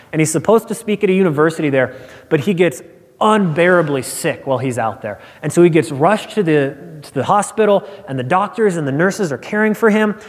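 A male pastor preaching earnestly in a somewhat high voice, dropping to near-whispers and then rising to emphatic, repeated phrases. His sermon rings with the long reverb of a large hall.

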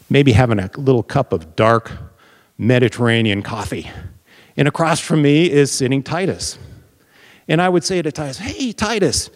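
Preacher man in a reverberant hall. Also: medium pitch. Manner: deliberate, explanatory, poses questions to listeners. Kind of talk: Bible teaching sermon. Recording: long reverb of a large hall.

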